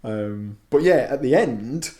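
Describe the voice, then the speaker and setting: A man's voice: medium pitch, expressive, slow, darkish tone. Chatty man. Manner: chatty, acts out quotes in put-on voices. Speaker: podcast co-host. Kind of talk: casual chat.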